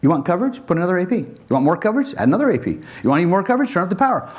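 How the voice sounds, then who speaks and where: Animated man with a lively voice. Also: high voice, very fast, dull audio. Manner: animated, acts out dialogues with customers. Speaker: Wi-Fi design instructor. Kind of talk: conference presentation.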